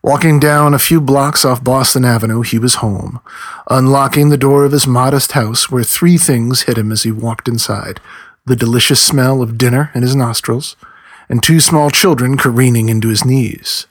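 A man reads a novel aloud in a measured storytelling voice with a husky, slightly breathy edge. His pitch sits in an ordinary middle range. He is recorded close and dry, with no room sound around him. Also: steady tone, dry recording. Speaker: audiobook narrator. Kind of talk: scripted narration.

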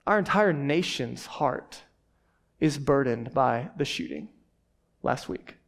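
A pastor in his thirties from Texas, preaching a sermon with fast-talking, animated storytelling. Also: mid-range voice, gravelly.

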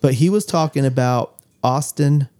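A man's voice: mid-range voice, moderate pace, darkish tone. A man co-hosting a casual faith discussion, telling stories and reflecting. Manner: storytelling, reflective. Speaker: co-host of a church talk show.

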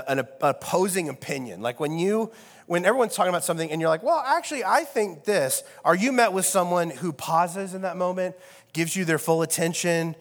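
A man preaching a casual, conversational sermon as pastor, wry and loose with fillers. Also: on the high side. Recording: long reverb of a large hall.

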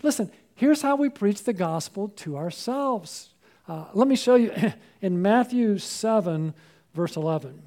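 High-voiced preacher man, mellow tone. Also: animated, unhurried. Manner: emphatic, rising sharply when quoting and urging; asks the congregation call-and-response questions. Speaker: pastor. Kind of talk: sermon.

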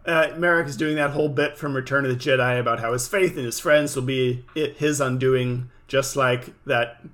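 A man's voice: medium pitch, steady tone, normal speed, fairly bright tone. A man co-hosting a casual podcast, recapping with jokes and silly voices. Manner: joking, does silly character voices. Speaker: podcast co-host.

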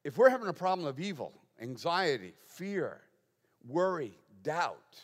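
Lively pastor preaching in a hall. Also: male voice, on the high side, normal speed. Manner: conversational preaching with rhetorical questions and humor. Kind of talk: sermon.

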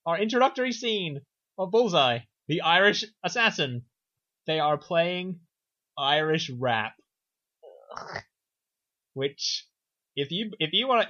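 A man's voice: fairly high pitch, big pitch swings, unhurried, pauses often, sharp tone. A man co-hosting a podcast, recapping a film in a sarcastic, profane, offhand way. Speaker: podcast co-host reviewing a film. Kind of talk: casual film recap chat. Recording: dull lo-fi sound.

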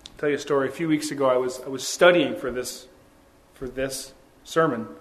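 A man's voice: medium pitch, brisk. A man preaching a sermon as a pastor, in a conversational way with many rhetorical questions.

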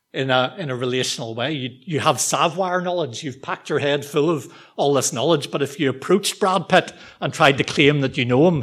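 A man's voice: medium pitch, fairly bright tone, breathy edge. Conversational, self-deprecating male preacher. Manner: conversational and self-deprecating, with frequent ums and restarts. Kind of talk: sermon to a church congregation.

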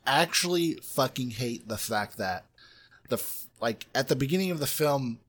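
A man's voice: medium pitch, lively intonation, a bit bright. A man from the United States in casual film-review chat, swearing and often breaking off with "like". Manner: sweary, halting, lots of "like". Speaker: podcast co-host.

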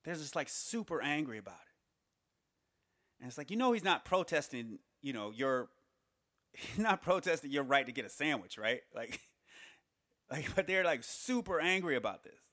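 A man giving a casual spoken monologue, reasoning aloud with rhetorical questions and halting restarts. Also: on the high side, sing-song, pushed and bright, no room sound, studio quality. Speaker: commentator on society.

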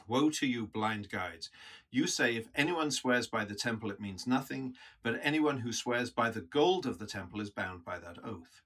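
A grave male teacher speaks stern, solemn rebukes, as a man reads him aloud. His voice is husky and mid-pitched. The reading leans hard on key words. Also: expressive, normal speed, fairly bright tone. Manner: solemn, emphatic scripture reading.

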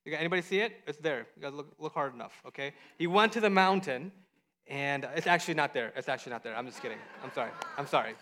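A man teaching children a Bible story, lively and full of questions to the kids, acting out the voices as he goes. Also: fairly high pitch, fast. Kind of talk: animated Bible story lesson.

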